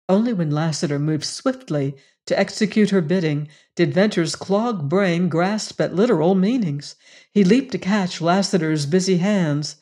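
A woman narrating a novel as an audiobook reader, in a measured, expressive reading. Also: on the low side. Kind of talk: scripted narration.

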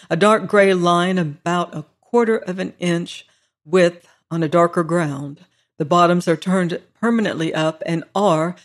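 A reader voicing a deferential male butler who speaks in a measured, exact and formal way. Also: medium pitch, close to an everyday voice.

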